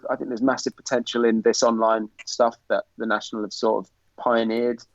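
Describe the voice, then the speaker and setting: A man's voice: mid-range voice, flat delivery, brisk, no echo. A man, an actor and director, talking earnestly and thoughtfully as a guest over a dull online call. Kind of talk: casual chat.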